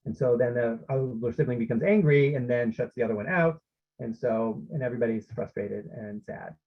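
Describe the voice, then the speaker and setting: A man's voice: medium pitch, fairly quick, muffled recording. A man presenting an online parenting workshop, explaining steps and often checking in with his listeners.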